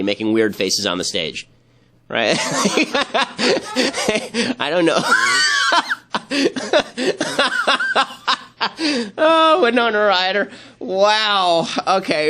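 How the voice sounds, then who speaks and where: A man hosting political commentary, talking with sarcasm and quick mocking asides. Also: medium pitch, fairly bright tone. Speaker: commentary host.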